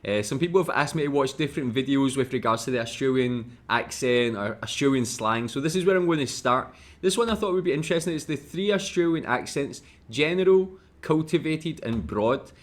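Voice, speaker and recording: A man's voice: mid-range voice, expressive, fairly quick. Man musing aloud in a reaction. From United Kingdom. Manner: thinking aloud, hesitant. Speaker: reaction video host. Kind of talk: casual reaction commentary.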